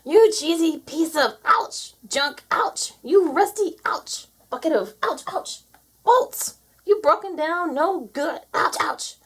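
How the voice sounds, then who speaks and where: A woman voicing a bossy, excitable cow in a children's storybook, talking high and lively. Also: a little slow, slightly rough, full character voice. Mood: frantic. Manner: bossy, exclaiming. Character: excitable know-it-all cow, female.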